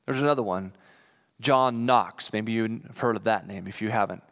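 A man preaching a sermon as pastor, animated, acting out quoted voices with big jumps in pitch. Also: moderate pace, in a large hall. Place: church sanctuary.

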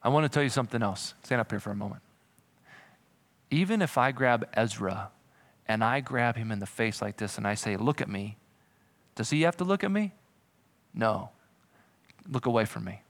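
A man preaching a sermon as pastor, lively, slipping into comic voices for imagined people. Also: mid-range voice, moderate pace, long pauses. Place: church.

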